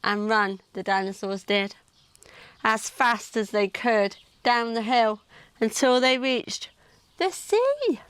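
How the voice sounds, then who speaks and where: A woman reading a picture book aloud to preschool children, gently asking them questions as she goes. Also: a little high, animated, slow, clear, resonant tone, dry recording. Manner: gentle, asks young listeners questions. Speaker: preschool storyteller.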